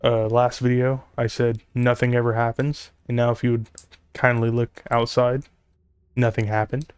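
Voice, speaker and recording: A man's voice: mid-range voice, level tone, moderate pace, clear, resonant tone, no echo. A man giving casual commentary over gameplay. He rambles, fills his talk with "like," and makes sarcastic jokes. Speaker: gaming YouTuber.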